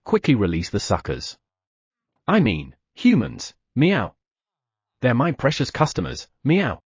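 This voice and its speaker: A man's voice: medium pitch, huge pitch swings, unhurried, breathy edge, no echo, full character voice. Theo, a man voicing a boastful cat merchant. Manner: ends sentences with meow; arrogant, scheming. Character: boastful greedy male talking cat merchant. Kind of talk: audiobook character voice.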